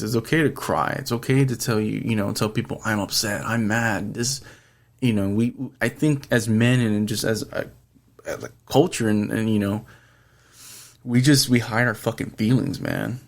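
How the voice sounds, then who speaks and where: A man's voice: fairly low pitch, normal speed, vocal fry. A man hosting a podcast, talking earnestly and rambling in casual chat, swearing freely. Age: adult, past his twenties. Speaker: podcast host.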